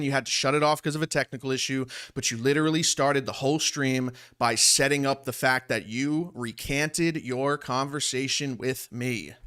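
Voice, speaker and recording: With a medium pitch and a slightly bright quality, the young New Yorker from Long Island reacts to a stream he's playing. His commentary is heated and indignant, looping back over the same points as he rambles.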